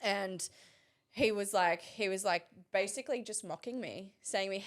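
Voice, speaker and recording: A woman, recounting a personal story as an interview guest, halting with frequent pauses and restarts. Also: mid-range voice.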